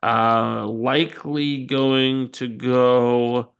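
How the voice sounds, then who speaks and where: A man hosting a relaxed sports news podcast, speaking at an unhurried pace in a mid-pitched voice. His tone is smooth and clear, and he fills the gaps with ums and wry asides at his own expense. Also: lo-fi sound. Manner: chatty and self-deprecating, frequent ums and asides. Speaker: podcast host. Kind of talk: casual sports news roundup.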